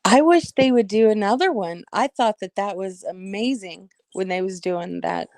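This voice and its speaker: A woman's voice: mid-range voice, normal speed, a little mellow, no echo. A woman joining a casual livestream chat, agreeable and supportive of the host.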